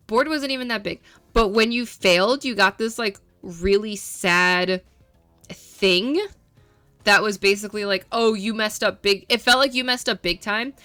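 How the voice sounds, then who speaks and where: Young female streamer, bright and crisp, dry close mic; chatty, rambly, repeats herself; soft music underneath. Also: medium pitch, no room sound. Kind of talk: casual chat with viewers.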